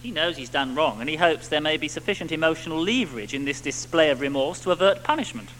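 A man preaching a sermon to a congregation, animated, with rhetorical tag questions and little acted-out quotes. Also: on the high side, fast, a little hiss or hum, poor audio.

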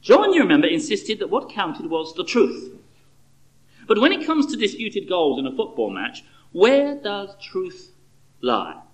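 A middle-aged man giving a sermon, telling a story and asking rhetorical questions in a conversational, animated way. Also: sits high, a little slow, low-quality recording.

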